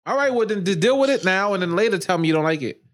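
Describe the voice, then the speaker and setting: A man's voice: sits high, fast talker. A man co-hosting a podcast, talking bluntly and casually, often laughing. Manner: animated, laughing, blunt opinions. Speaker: podcast co-host. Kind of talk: casual crude chat.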